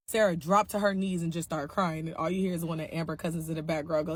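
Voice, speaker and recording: A woman telling a story in a casual, animated, slangy way, cursing freely. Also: sits low, fast, hardly any pauses. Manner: animated, slangy, profane gossip.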